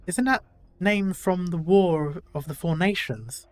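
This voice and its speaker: A man's voice: sits high, a little slow, faint music behind. A male gaming YouTuber reading a game's story dialogue aloud in a casual way, with self-deprecating asides.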